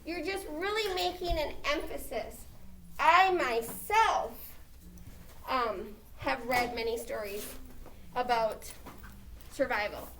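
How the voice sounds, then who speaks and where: A woman's voice: on the high side, unhurried, a bit bright, slight background noise. A woman teaching a grammar lesson, checking in with "okay?" as she explains. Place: classroom. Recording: echoey classroom, mic far off.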